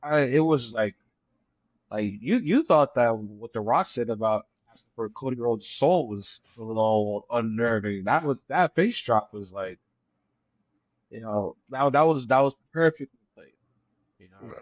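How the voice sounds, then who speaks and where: A man joining a podcast as a guest, talking in a measured, enthusiastic way with many fillers. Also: medium pitch, no echo. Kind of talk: casual chat.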